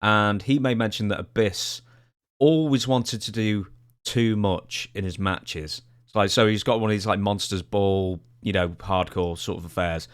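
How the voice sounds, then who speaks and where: A man's voice: low-pitched, steady tone, moderate pace, clean tone, dry recording, studio quality. A man co-hosting a podcast who laughs along and asks questions with some filler words. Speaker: podcast co-host asking questions. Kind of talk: casual interview.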